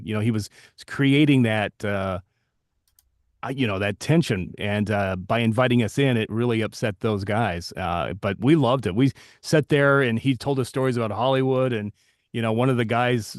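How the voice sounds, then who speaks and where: Brief: mid-pitched male host, dry close sound, chatty and rambling, lots of restarts. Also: dry recording. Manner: rambling, with many restarts and self-deprecating asides. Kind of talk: casual storytelling on a live stream.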